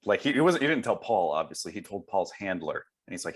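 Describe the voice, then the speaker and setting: A man's voice: low voice, sing-song, fast, hardly any pauses, breathy edge. A man co-hosting a casual podcast chat, joking along and riffing with his co-host. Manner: laughing, riffs in silly put-on voices.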